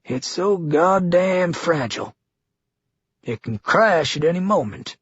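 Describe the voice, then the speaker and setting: A man voicing a menacing one-armed male town leader with a gravelly Georgia twang and exaggerated, theatrical enunciation, pitched higher and louder than his own husky voice. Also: lively intonation, slow pace, dull audio, full character voice. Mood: sardonic, menacing.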